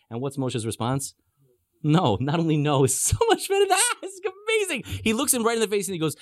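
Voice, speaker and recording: Animated man teaching scripture. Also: a little high, fairly quick, no echo, studio quality. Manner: emphatic, rhetorical questions, playful asides. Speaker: religious teacher.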